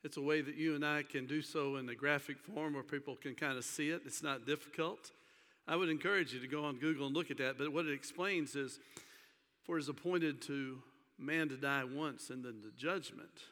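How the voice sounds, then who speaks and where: A man preaching a sermon, pausing and repeating words as he goes. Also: a little high, fairly bright tone. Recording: long hall reverb.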